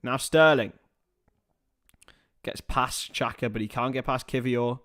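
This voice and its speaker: Hosting a live watchalong of a football match, a man talks at a medium pitch and a little slowly. He alternates commentary with casual chatter to his viewers, swears, calls them lads, and breaks into loud, excited calls.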